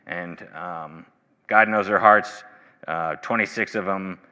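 Deep-voiced preacher in an echoing hall. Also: male voice, slow, pushed and bright, clean tone, muffled recording. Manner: earnest, rising to emphatic bursts then dropping low. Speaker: pastor. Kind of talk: sermon.

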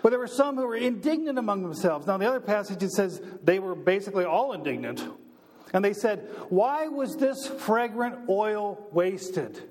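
A male pastor with a notably high voice delivers a sermon, stacking repeated phrases and rising in pitch and force as he drives each point home. His words ring out with a long reverb, as in a large church hall. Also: expressive, fast, a little mellow. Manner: preaching with building repetition, rising in pitch and force.

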